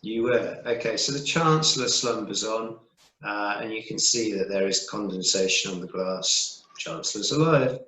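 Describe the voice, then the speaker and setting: A man narrating as game master, relaxed and playful, asking players for checks. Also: on the low side, normal speed, reverberant, low-quality recording.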